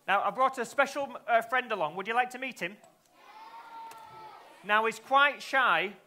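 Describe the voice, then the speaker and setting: A man's voice: very high voice, normal speed, pushed and bright. A man performing a live children's magic show, teasing and playful, constantly asking the young audience questions. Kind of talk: live kids' show patter.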